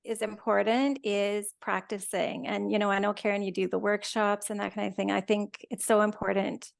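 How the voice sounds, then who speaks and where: A woman, a guest, retelling a personal story in a chatty, animated way with lots of quoted dialogue. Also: medium pitch, moderate pace, gravelly. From Canada. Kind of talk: casual storytelling.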